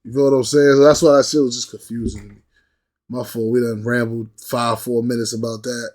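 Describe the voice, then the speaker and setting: This man from New York speaks at a medium pitch and a brisk pace. Hosting a reaction video, he chats in loose, slangy, repetitive fashion and turns animated when imitating others.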